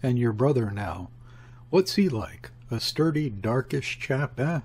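A man reading the part of a shrewd, curt police inspector, asking probing questions in his own husky voice. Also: medium pitch, expressive, unhurried, darkish tone. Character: shrewd middle-aged male police inspector.

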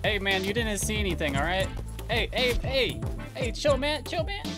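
A man doing a thin, high, squeaky voice for a timid stranger who keeps begging in broken English and repeating himself. Clear music plays underneath. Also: very animated, normal speed. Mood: coaxing. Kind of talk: joking in-game voice chat.

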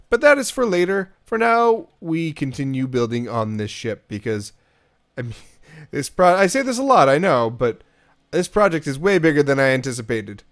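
A man narrates his gameplay in a bright, chatty commentary style. His voice sits a little above typical for a man and swoops up and down with plenty of animation. He keeps things upbeat and pokes fun at himself with quick laughs. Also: on the high side. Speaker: Minecraft let's-play creator. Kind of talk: game commentary voice-over.

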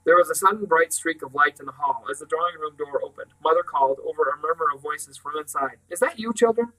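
Man with a bright voice reading a story aloud. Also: fairly high pitch, steady tone, quick pace, low-quality recording. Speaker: audiobook reader. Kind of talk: reading a children's novel aloud.

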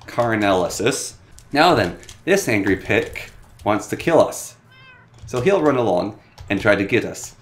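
With a bouncing pitch and a jokey, playful manner, a man leads a laid-back tutorial for a game.

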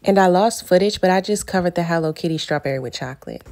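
A woman's voice: fairly low pitch, fast talker, hardly any pauses. Chatty woman narrating a baking tutorial. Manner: chatty, addresses viewers as y'all, excitable. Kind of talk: casual voice-over narration of a tutorial.

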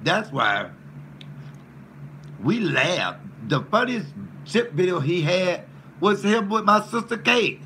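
A man, a comedian, ranting profanely with loud trash talk and mock threats while cooking. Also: sits high, very animated, slow pace, long pauses, slight background noise. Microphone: camera mic in a home kitchen.

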